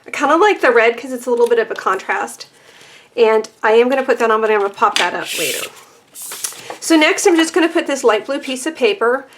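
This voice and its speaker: A woman's voice: fairly high pitch, expressive, brisk, fairly bright tone, a little hiss or hum. A chatty, self-deprecating woman giving a casual papercraft tutorial, laughing often and a little out of breath. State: a bit out of breath. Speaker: papercraft demonstrator.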